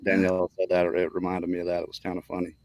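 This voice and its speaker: A man with a fairly low voice reads aloud and chats in a halting way, with frequent throat clearing and restarts. The sound is dry and close. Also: completely flat delivery, darkish tone, no echo. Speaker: podcast co-host. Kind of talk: casual chat and reading a listener story aloud.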